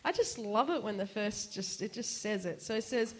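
A woman giving a casual, chatty sermon, animated and laughing often, her voice jumping up for quoted asides. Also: mid-range voice, moderate pace, few pauses. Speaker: preacher.

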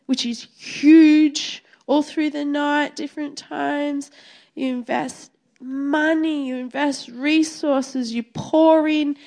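A woman's voice: sits high, creaky. A woman sharing an emotional spoken testimony in a heartfelt, repetitive way, as a ministry speaker.

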